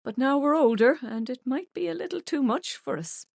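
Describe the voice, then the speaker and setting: A woman's voice: high voice, lively intonation, normal speed, creaky, darkish tone, no echo, clean studio sound, voice pushed up. A woman playing a wistful middle-aged heroine.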